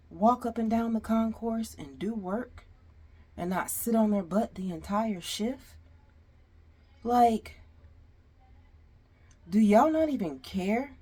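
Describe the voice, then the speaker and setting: A woman's voice: medium pitch, dark tone, slightly rough. A woman telling a storytime to her viewers in a casual, exasperated way, sighing often. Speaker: storyteller vlogger.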